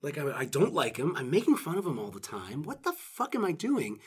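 A man's voice: a little high, huge pitch swings, fairly quick, husky, full character voice. A man quoting a rattled, muttering movie henchman. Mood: baffled. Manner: muttering, profane.

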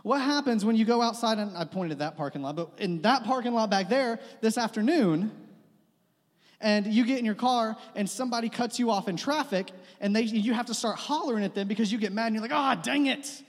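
High-voiced and brisk, a young adult pastor gives a conversational sermon full of self-deprecating jokes and repeated phrases. The church sanctuary adds a long reverb.

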